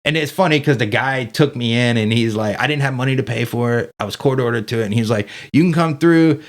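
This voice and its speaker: A man's voice: medium pitch, fast talker. A man as a podcast guest telling his story in a casual, candid way, swearing freely and leaning on fillers like "dude" and "man".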